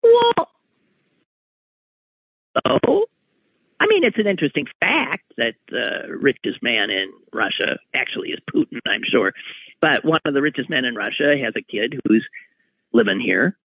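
A man's voice: mid-range voice, wildly swooping pitch, measured pace, creaky, pauses often, husky, no echo. A man hosting a talk show, giving a wry, emphatic opinion monologue with sudden rises on key words. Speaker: radio talk host. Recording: tinny phone-like radio audio.

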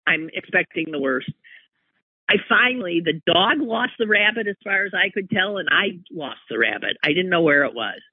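A man telling a personal anecdote in an animated, exclaiming way, breaking off and restarting mid-sentence. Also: high-pitched, normal speed, slightly rough, dry recording. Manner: animated, exclaiming, self-interrupting. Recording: tinny phone-like line, dry.

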